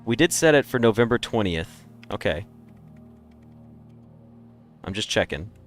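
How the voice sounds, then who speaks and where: A man's voice: fairly low pitch, very animated, measured pace, faint music behind. A man streaming a game, chatting casually and rambling through opinionated takes. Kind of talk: casual live-stream chat.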